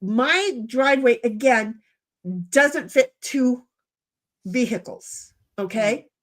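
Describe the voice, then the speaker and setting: A woman's voice: on the high side, takes it slowly. A middle-aged woman hosting a casual livestream, telling rambling stories and checking in with her listener. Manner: chatty, rambling, animated, checks in with "okay?". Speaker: livestream host. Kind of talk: casual storytelling chat.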